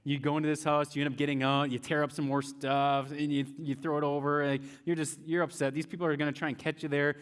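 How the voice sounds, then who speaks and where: A man's voice: on the high side, level tone, quick pace, hardly any pauses, smooth. A man retelling a scripture story as a youth pastor, casual and chatty, speaking to his listeners as "you". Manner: casual, chatty, tells it in second person. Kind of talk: storytelling sermon to students.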